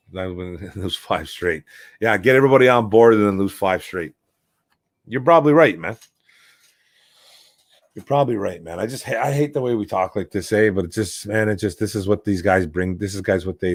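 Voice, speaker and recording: Michigan sports talk host, frustrated rambling delivery, dry close sound. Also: male voice, low-pitched, no room sound. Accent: Detroit, Michigan. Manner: frustrated, rambling, calls listeners bro and man. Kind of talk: casual sports talk, reading chat questions.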